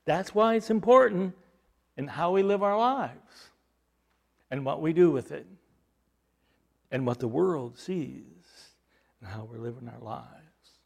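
Male pastor, sermon, slow delivery, fairly high voice, rhetorical questions, loud then hushed. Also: animated, creaky. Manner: repeats words and restarts, rhetorical questions.

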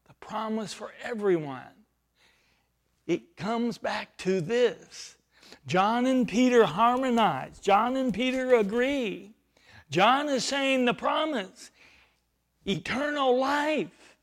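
A man preaching a verse-by-verse sermon, explaining grammar and repeating phrases for emphasis, swinging between loud stressed words and quiet, low asides. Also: expressive, slow pace. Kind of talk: expository sermon.

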